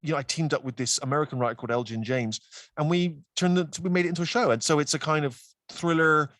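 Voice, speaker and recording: A man's voice: on the high side, fast talker, a bit bright, no echo, studio quality. A man with a West Country English accent, a guest telling stories in casual chat, wry and self-deprecating. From West Country, England.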